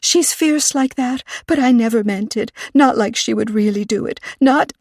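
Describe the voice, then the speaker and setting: A woman reads a soft-spoken library assistant gone frantic, her voice pushed high and breathless. The audiobook is dry and close. She sounds panicky throughout. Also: moderate pace, dry recording. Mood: panicked. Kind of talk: audiobook character reading.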